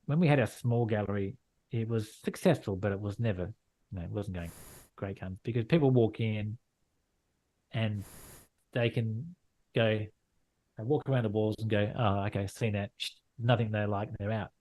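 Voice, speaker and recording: In a casual interview, a middle-aged Australian landscape photographer who owns a gallery speaks frankly, frequently repeating and restarting his phrases. He's from Western Australia, with a lowish, dark voice, normal speed and long pauses.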